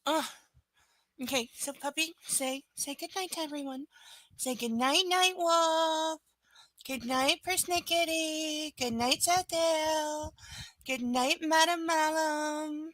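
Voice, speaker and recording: A woman's voice: high-pitched, slow, fairly bright tone, no echo, rough recording. A woman hosting a casual livestream from home. She coos baby talk at her dog and jokes sarcastically about the book she is reading. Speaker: livestream reader and host.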